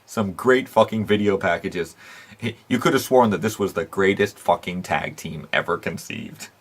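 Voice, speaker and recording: Lowish-voiced guy ranting on his recap show, swears nonstop, lots of uhs. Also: moderate pace. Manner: profane, blunt, swears constantly; animated rants with frequent fillers and laughs. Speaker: wrestling podcast host. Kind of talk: casual opinionated recap.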